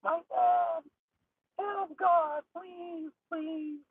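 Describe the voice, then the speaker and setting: A man's voice: very high voice, steady tone, drawn-out words, creaky, dry recording, pitched above the performer's own voice, full character voice. A man voicing a panicked teenage girl who is pleading for help after a crash. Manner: pleading and frantic. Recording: tinny phone-like line.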